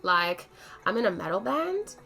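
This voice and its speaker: A woman's voice: mid-range voice, sing-song, unhurried, vocal fry, sharp tone, soft background music, heavily acted. A woman voicing a chatty young male metal-band shop owner with an Australian accent, reading his lines in a friendly, slangy way. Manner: laid-back, friendly slang.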